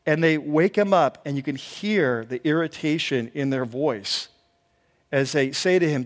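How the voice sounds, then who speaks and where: A man preaching a conversational sermon as a pastor, telling the story in an animated way and acting out the quotes. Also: fairly high pitch, measured pace. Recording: long hall reverb.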